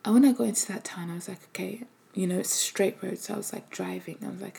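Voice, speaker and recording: Woman giving a faith testimony: soft, hesitant delivery with a gravelly, mellow tone. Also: mid-range voice, fast, hardly any pauses. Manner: soft-spoken, often dropping to a breathy half-whisper; hesitant, with many fillers. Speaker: mother sharing a faith testimony. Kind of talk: personal testimony.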